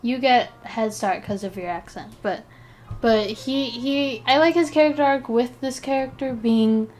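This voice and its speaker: A young woman streaming, chatting casually in an excitable, rambling way, sleepy and yawning between thoughts. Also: on the high side, a little slow, soft background music. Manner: excitable, rambling, giggly, with restarts. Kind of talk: casual chat while ranking game characters.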